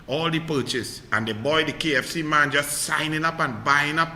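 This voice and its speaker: A Trinidadian man delivering an indignant political rant, sarcastic and heated, often climbing into shouts. His voice sits high and sounds sharp and tense. It echoes through a room with a long reverb tail. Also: normal speed, slight background noise. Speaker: political commentator.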